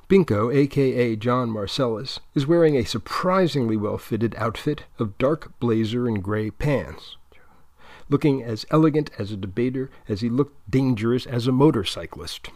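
A male narrator reading a novel in a steady, even way, at a middle pitch. The sound is close and dry, with no room echo. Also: moderate pace. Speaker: audiobook narrator. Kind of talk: scripted narration.

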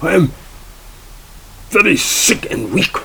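A man's voice: high-pitched, very animated, takes it slowly, gravelly, sharp tone, husky, pitched above the performer's own voice, exaggerated voice. A man imitating a woman who plaintively claims in a heavy German accent that she is sick and weak.

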